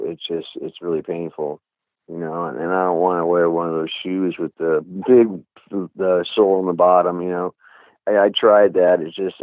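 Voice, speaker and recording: A low-pitched middle-aged man talks candidly as an interview guest. He rambles, circles back and fills gaps with "you know". His voice comes through a dry, tinny phone line. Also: no echo. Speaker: guest musician.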